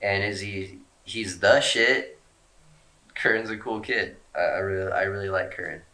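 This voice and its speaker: Low, bright-voiced laid-back man rambling. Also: a little slow. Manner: self-mocking jokes. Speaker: skateboarder answering fan questions. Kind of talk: casual Q&A, reading out viewer questions.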